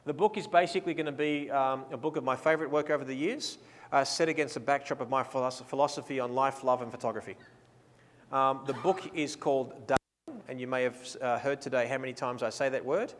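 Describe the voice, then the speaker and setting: A man's voice: medium pitch, fast, long reverb tail, slight background noise. An Australian man presenting a photography seminar in a casual, enthusiastic, playful way, mixing talk with live posing directions.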